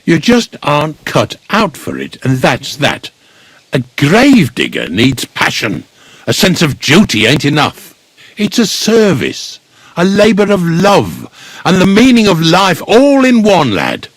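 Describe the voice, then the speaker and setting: Grumpy gravedigger, lively swinging pitch, dry close sound. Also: male voice, measured pace, breathy edge, dry recording, heavily acted. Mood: gruff. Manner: grumbling, blunt, folksy. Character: gruff older village gravedigger, blunt and grumbling. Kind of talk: video game dialogue.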